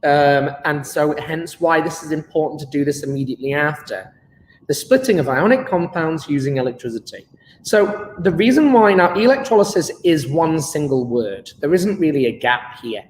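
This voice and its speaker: A high-pitched man teaches chemistry in a live online lesson, chatty and slowing down to repeat key terms for notes. The room sounds echoey, with a long reverb tail and faint ambient noise behind him. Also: animated. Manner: chatty, repeats key words slowly for note-taking.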